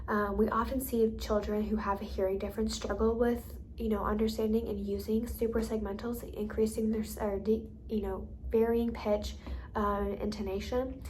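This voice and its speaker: A hearing therapy educator, a woman with a medium-pitched, darkish, level voice, explains speech and listening strategies at a moderate pace and models examples. Her manner is casual and chatty, full of "um" and "you know," with slight background noise.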